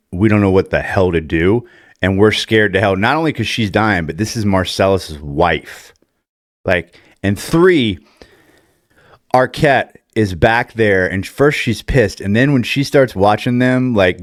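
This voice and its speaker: A man's voice: fairly low pitch, no echo, clean studio sound. A young adult man co-hosting a casual film chat, animatedly retelling scenes and laughing as he goes. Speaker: podcast co-host.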